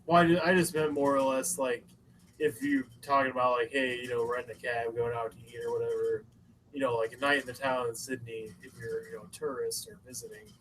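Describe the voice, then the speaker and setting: A man's voice: mid-range voice, fairly even intonation, fairly quick, a bit bright, a little hiss or hum, low-quality recording. A man co-hosting a podcast, talking loosely with lots of fillers and swearing. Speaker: podcast co-host. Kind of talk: casual chat.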